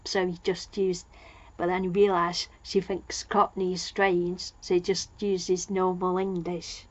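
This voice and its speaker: A woman's voice: fairly low pitch, level tone, measured pace. Woman rambling thru an episode recap, lots of um and like, kinda dull lo-fi sound. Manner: rambling, loses her place, many fillers. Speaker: TV episode reviewer.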